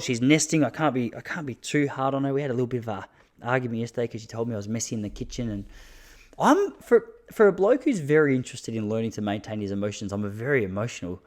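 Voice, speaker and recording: A man's voice: mid-range voice, a little mellow. A young Australian man hosting a podcast, telling casual stories with frequent laughs and self-mocking asides. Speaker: podcast host. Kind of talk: casual solo storytelling.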